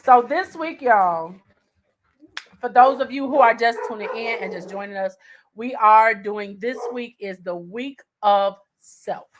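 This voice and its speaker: Chatty, excitable woman host. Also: on the high side, measured pace, slight background noise. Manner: chatty, excitable, speaks straight to viewers. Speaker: livestream host. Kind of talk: casual livestream chat.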